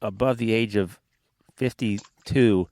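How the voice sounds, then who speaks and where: A man's voice: lowish voice, takes it slowly, darkish tone, no echo, clean studio sound. A man with a Southern accent hosting a weekly podcast, telling long rambling stories in an easygoing way. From Alabama, USA. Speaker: podcast host. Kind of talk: casual podcast chat.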